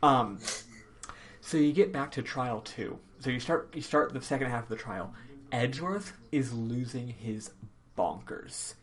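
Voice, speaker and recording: A man's voice: mid-range voice, animated, measured pace. Rambling, chatty male podcast host. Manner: rambling and chatty, lots of um and uh, laughs easily. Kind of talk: casual game recap chat.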